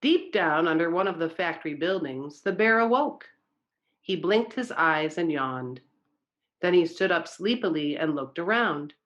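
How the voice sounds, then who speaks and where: Lady reading a kids story at church, slow, expressive, bouncy pitch. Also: muffled recording. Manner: expressive, slow, engaging the listeners. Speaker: story reader at a church service. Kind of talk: reading a children's story aloud.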